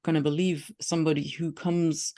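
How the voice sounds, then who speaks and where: A guest with a German accent, a software engineering professor whose first language is German, answering interview questions in a measured, teacherly way. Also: medium pitch, flat delivery.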